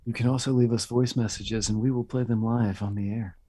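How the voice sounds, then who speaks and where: A man co-hosting a podcast in casual chat, reading out promo plugs in a deadpan, drawn-out way. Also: mid-range voice, dry recording. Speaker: podcast co-host.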